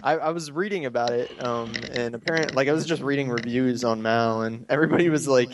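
A young man talks about anime in a loose group chat. He rambles and hesitates, with plenty of fillers and quick laughs. His voice sits at a middle pitch and sounds a little distant from the mic. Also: slight background noise. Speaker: anime podcast co-host.

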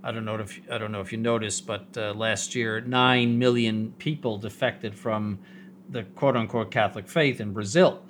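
Halting bishop on talk radio. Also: male voice, on the low side, fairly even intonation, a little hiss or hum. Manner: halting, many restarts, emphatic. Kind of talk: casual radio discussion.

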